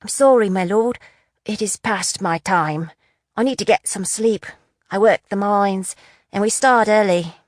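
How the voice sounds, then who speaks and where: A woman's voice: mid-range voice, a little slow, dry recording, studio quality, natural voice. A woman voicing a nervous, apologetic young male mine worker who tells fortunes, in a storybook reading. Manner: pleading and apologetic.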